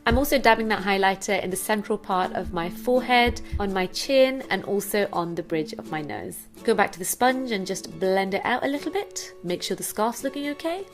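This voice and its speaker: A woman beauty vlogger talking through a makeup tutorial, bubbly and excitable in her chat and outro. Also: medium pitch, brisk, few pauses, soft background music.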